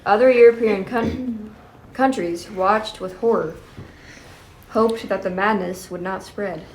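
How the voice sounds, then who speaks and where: A woman reading a history book aloud during a lesson, in a steady, plain manner. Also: mid-range voice, slow pace. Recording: roomy, with clear background noise.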